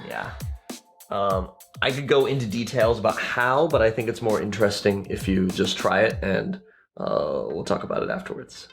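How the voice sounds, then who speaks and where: A man's voice: lowish voice, lively intonation, normal speed, creaky, faint music behind. A man explaining his project in a casual chat, thoughtful and earnest. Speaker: game developer.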